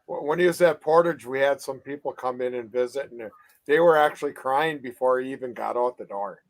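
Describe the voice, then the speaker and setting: A man chatting casually as a guest, agreeable and quick to say yeah. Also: mid-range voice. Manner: agreeable, keeps saying yeah. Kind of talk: casual chat.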